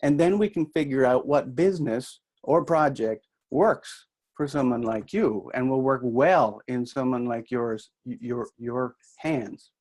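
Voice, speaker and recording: Speaking at a measured pace in a mid-range, slightly mellow voice, this workshop speaker addresses an audience in a chatty, self-deprecating way. He's a middle-aged New Brunswick man whose accent mixes Canadian and Irish.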